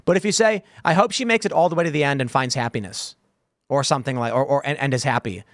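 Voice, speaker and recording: A man hosting a podcast, chatting casually with his panel and reading viewer comments aloud in an animated way. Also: mid-range voice, fast, dry recording, studio quality. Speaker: podcast host.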